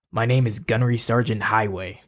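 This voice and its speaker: A man voicing a gruff, boastful male gunnery sergeant who brags slowly in a growl. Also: on the low side, fairly even intonation, close to an everyday voice.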